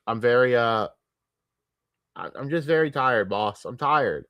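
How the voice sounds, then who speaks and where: A man's voice: medium pitch, moderate pace, pushed and bright, no room sound, studio quality. A young adult American man ranting casually on a livestream, frustrated and profane, often stammering and restarting his sentences. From United States. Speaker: streamer.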